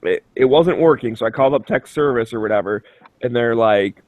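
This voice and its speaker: In casual conversation, this show host spins profane, animated stories and performs the voices of others. He speaks briskly in a mid-range voice with no echo.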